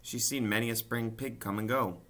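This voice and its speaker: A man doing a brisk, firm spider lady. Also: fairly low pitch, steady tone, a bit bright, lightly acted. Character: wise female spider, calm and brisk.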